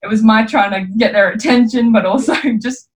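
A woman's voice: on the high side, brisk, poor audio. A woman guest on a podcast, chatting casually with playful asides and frequent giggles.

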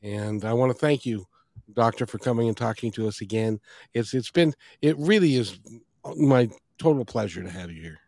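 A man's voice: mid-range voice, expressive, normal speed, a little mellow, no echo, studio quality. A man hosting a podcast interview, friendly and praising, repeatedly urging listeners to get his guest's book. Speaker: podcast host.

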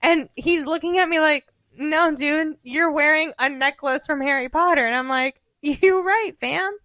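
A woman in her twenties, co-hosting a podcast, telling a story in casual chat and acting out every quote with animated swings of voice. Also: normal speed, no room sound, clean studio sound. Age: 20s. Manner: animated, acts out quoted dialogue with big pitch jumps and laughter. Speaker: podcast co-host.

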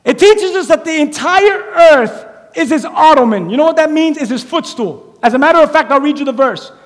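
Very high-voiced male preacher, echoey hall. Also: a little fast. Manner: animated, conversational preaching with acted-out quotes. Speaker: pastor. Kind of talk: sermon. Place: church.

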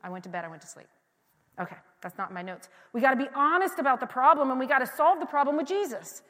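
A woman pastor with a high, bright-pitched voice preaches in a loose, candid, conversational way, telling personal stories and often restarting her sentences. She drops to near-whispered confiding and then swells into loud, emphatic declarations. Her voice carries a long, echoing reverb, as in a large church hall. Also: lively intonation, fast. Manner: swings between quiet confiding and loud emphatic passages. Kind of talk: conversational sermon.

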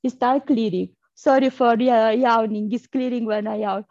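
A woman leading a guided energy healing session, speaking softly and haltingly with breathy blowing sounds between phrases. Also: fairly high pitch, steady tone, dry recording. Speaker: energy healer guest. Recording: dull lo-fi sound.

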